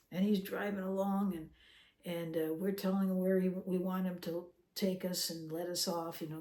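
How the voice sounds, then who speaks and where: A woman's voice: lowish voice, dark tone. A woman telling a personal story in a casual, rambling way, full of asides and restarts. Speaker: channel host. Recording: echoey room.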